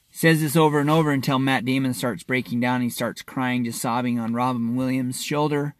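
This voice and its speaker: Male practitioner talking straight to his listeners. Mid-pitched, earnest and reassuring, stumbles and repeats words. Dry, close recording. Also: steady tone, no echo. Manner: halting and repetitive, often restarting and doubling words. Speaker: wellness practitioner addressing listeners. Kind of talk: casual spoken monologue to listeners.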